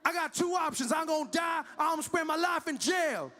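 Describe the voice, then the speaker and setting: A man playing a scared, defiant American man in a police standoff who shouts that he is innocent. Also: extremely high pitch, expressive, brisk, slight background noise, exaggerated voice. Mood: defiant shouting. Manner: shouting, pleading his innocence.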